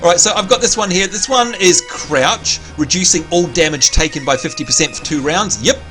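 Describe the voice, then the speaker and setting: Australian male streamer, pitched a touch high, excitable live game commentary, faint music underneath. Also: brisk. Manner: excitable, jumps into high squeals of delight.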